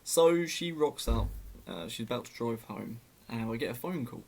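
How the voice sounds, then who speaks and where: A man's voice: medium pitch, lively intonation, normal speed, creaky, a little mellow, slight background noise. A young man telling a story in a casual, sarcastic way, often laughing at it.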